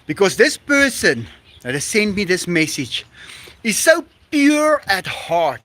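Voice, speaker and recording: A man, talking in a high, swooping voice at an unhurried pace. He gushes warmly over his viewers and breaks into laughter often. It is a casual live-stream chat recorded outdoors on a rooftop. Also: huge pitch swings. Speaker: live-stream host reading donations.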